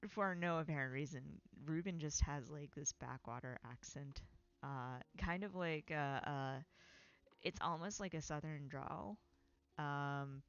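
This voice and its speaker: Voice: medium pitch, fairly bright tone, lo-fi sound. Rambling writer chatting about their story. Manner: rambling, self-correcting, with frequent fillers and laughs. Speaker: writing stream host. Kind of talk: casual chat about own writing.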